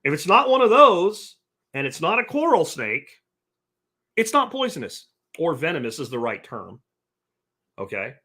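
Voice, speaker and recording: A man's voice: on the high side, sing-song, normal speed, pauses often, pushed and bright. A man hosting a livestream podcast, reading chat comments aloud and answering them in a blunt, profane rant. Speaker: podcast host.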